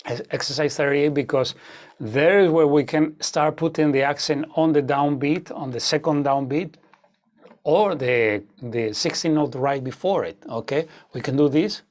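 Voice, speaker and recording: Man teaching guitar, chatty, higher-pitched. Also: normal speed, darkish tone. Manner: explanatory, frequent "okay?" check-ins, hesitant fillers. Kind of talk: online masterclass teaching.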